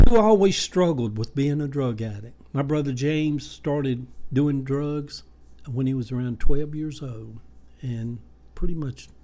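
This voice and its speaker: An older man in his seventies talks straight to his viewers, drifting from one story to the next. His voice sits a little high for a man, and he fills his pauses with plenty of ums and uhs as he rambles on in a homespun way. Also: darkish tone. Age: 70s. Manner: rambling, folksy storytelling with many fillers. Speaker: vlogger. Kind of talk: casual monologue.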